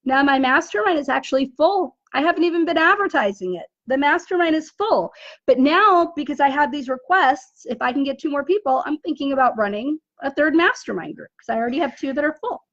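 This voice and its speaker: Woman coach w a high voice, motivational live stream talk, lots of "right?", kinda dull lo-fi sound. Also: lively intonation, brisk, a bit bright, no room sound. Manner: rhetorical questions, frequent "right?". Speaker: business coach. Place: indoors, dim room.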